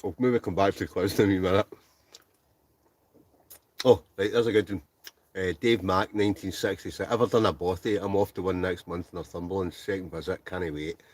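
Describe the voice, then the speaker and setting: Chatty and laughing often, a Scottish livestream host reads viewer comments aloud from inside his tent. He sounds relaxed, his voice low and deep, and he talks a little fast.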